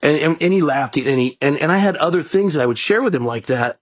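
A man's voice: fairly high pitch, lively intonation, fast talker, husky, no echo. A man who is a mayor and a pastor, telling a long story in a rambling, folksy way and repeating his words as he goes. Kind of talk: storytelling in a conversation.

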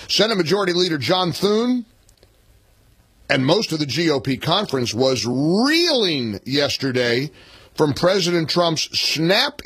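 A man's voice: on the high side, a bit bright, breathy edge, no echo. A man in his sixties hosting a talk radio show, speaking emphatically and repeating points for punch. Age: 60s. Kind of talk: opinionated political talk radio.

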